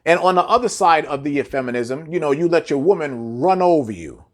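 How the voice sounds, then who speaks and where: Blunt, exhorting man with lively pitch. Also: a little fast. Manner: rhetorical questions, repetition. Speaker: commentator. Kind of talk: preachy monologue to camera.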